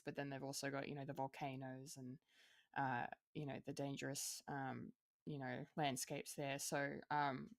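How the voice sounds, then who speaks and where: A woman's voice: low voice, fairly bright tone, no echo, clean studio sound. A woman co-hosting a podcast, chatting casually with frequent ums and restarts. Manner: hesitant, many ums and restarts. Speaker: podcast co-host.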